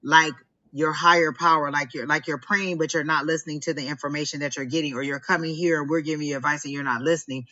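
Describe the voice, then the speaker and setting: Her deep, pushed, bright voice moves quickly with fairly even intonation, though the audio is dull. Co-hosting a live stream, she gives a psychic reading in a rambling style full of "like."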